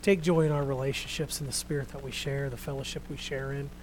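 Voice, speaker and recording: A man preaching a sermon, reading scripture out loud and then talking quietly and earnestly to his congregation. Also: mid-range voice, fairly even intonation, quick pace, background noise. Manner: reads scripture loudly, then speaks quietly and reflectively.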